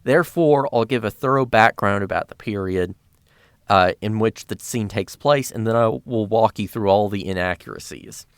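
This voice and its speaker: A man's voice: fairly low pitch, moderate pace, clean tone, no room sound. A man narrating a scripted video essay as a film critic, with dry, sarcastic commentary.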